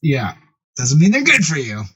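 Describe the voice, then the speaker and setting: A man's voice: a little high, normal speed, highs cut off, crowd noise. A middle-aged man, a music producer, telling a long anecdote as a podcast guest and acting out what others said. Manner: animated, acts out quoted voices loudly. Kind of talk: casual storytelling.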